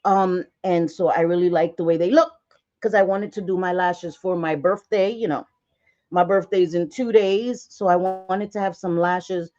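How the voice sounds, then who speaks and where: A woman's voice: on the low side, steady tone, moderate pace, a little mellow, highs cut off. A woman host chatting casually on a livestream, telling stories with frequent laughs and restarts and swearing freely.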